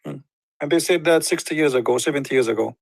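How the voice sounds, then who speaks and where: Man hosting a call-in debate, mocking and emphatic, pitched a bit high, dry sound. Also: fast, vocal fry, dry recording. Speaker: online debate host. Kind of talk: live call-in debate talk.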